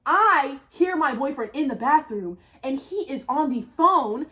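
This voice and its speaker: A woman with a somewhat high voice tells a personal story in a casual vlog. Her delivery is slangy and full of swearing. She sinks into low asides and then flares into loud exclamations. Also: a little slow. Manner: animated, profane, swings from low muttering to loud exclaiming. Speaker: storyteller vlogger.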